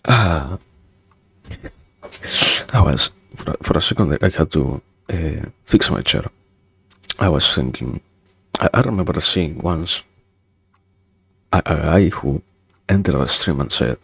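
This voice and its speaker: A man with a very deep, gravelly voice chats on a live stream. He talks slowly and stumbles over repeated words, though his pitch swings widely. The sound is close and dry. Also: lively intonation, fairly bright tone, no echo. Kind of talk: casual live-stream chat. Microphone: streaming mic.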